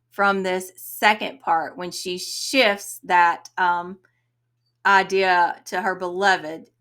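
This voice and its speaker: A young woman hosting a poetry channel, reading a poem aloud and explaining it in a slow, explanatory way. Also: fairly low pitch, a bit bright.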